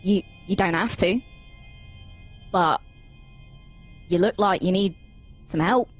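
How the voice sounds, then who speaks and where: A woman voicing a gruff, sniffing, axe-carrying man, with a put-on Cockney accent that slips toward Australian. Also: on the low side, takes it slowly, faint music behind. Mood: coaxing. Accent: put-on Cockney drifting to Australian. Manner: coaxing, casual slang.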